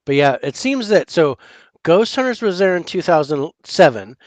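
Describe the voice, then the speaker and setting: A man with a somewhat high voice co-hosting a relaxed talk over drinks. He speaks haltingly, often repeating words before finishing a thought. The recording is dry and close. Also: no room sound. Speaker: podcast co-host. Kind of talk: casual chat over drinks.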